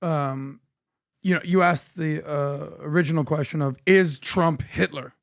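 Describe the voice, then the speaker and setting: High-voiced man telling podcast stories. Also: measured pace, vocal fry, no room sound, clean studio sound. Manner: animated anecdotal storyteller, acts out dialogue. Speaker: podcast co-host. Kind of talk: political podcast storytelling.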